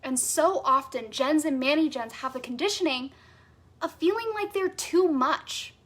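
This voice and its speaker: A woman's voice: sits high, normal speed, fairly bright tone. A woman business coach teaching a live online masterclass, bubbly and enthusiastic, stopping to read out viewers' comments.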